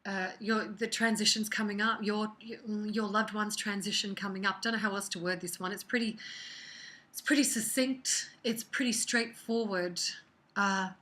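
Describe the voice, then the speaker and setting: A woman giving a casual weekly card reading as a psychic, chatty and expressive, sometimes dropping into soft whispered asides. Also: medium pitch, normal speed.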